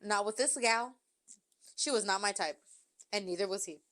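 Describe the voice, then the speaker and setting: A young woman co-hosting a podcast tells a story in casual chat, animated and swearing as she acts out quotes. Her voice is mid-range and her pace moderate.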